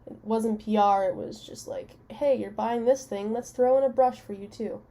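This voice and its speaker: A young woman makeup vlogger chatting casually and telling a story while she applies eyeshadow, self-mocking and quick to laugh. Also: on the high side, fairly even intonation, dark tone.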